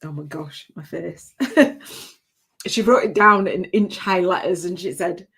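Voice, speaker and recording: A woman's voice: fairly low pitch, a little slow, a bit bright, slightly rough. An older woman, a spiritual business coach, telling a heartfelt personal story on a livestream, often tearful and laughing. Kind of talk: emotional personal talk on a livestream.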